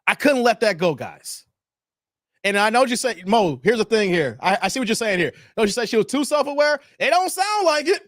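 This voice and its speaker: Man, reaction host, preachy, high lively voice. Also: fairly quick, no room sound, studio quality. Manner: animated, preachy, acts out quoted voices. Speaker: commentary channel host. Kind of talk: reaction commentary.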